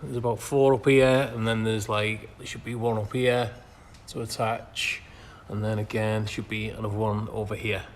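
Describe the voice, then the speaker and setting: A lowish-voiced man talks through a car restoration in his workshop. His delivery is dry and sarcastic, with deadpan grumbles set between plain, practical explanation. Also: moderate pace, few pauses, a little hiss or hum. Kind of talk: workshop vlog narration.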